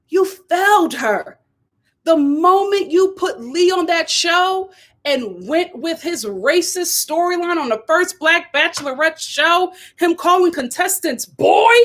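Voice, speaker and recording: Animated, high-voiced woman vlogger. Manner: animated, emphatic storyteller who acts out quoted voices. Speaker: vlog host and actress. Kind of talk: casual opinion chat.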